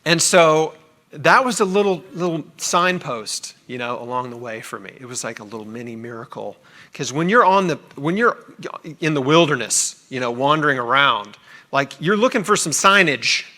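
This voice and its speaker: A middle-aged man telling his own story to an audience in a chatty, animated way, acting out the people he quotes. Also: mid-range voice, normal speed. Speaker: cancer survivor sharing his story.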